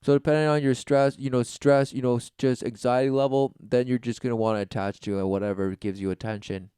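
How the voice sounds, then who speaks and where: A man preaching in a sarcastic, scoffing manner, reading out text and then picking it apart. His voice is very clear and smooth, recorded dry and close, at a medium pitch. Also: steady tone, brisk, mellow, no room sound. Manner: sarcastic, mocking; reads study text aloud, then scoffs. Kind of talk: preaching commentary.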